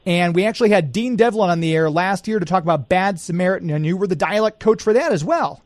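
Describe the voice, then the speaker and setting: High-voiced radio host guy, super eager, dry close sound. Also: expressive, fast talker, dry recording. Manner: eager, enthusiastic, filler-heavy. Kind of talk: radio interview.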